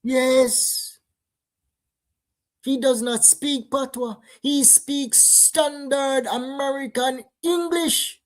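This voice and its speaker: Jamaican woman, news commentary host, unhurried and emphatic delivery. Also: high-pitched. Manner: animated, emphatic, drops into patois. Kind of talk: casual commentary in patois.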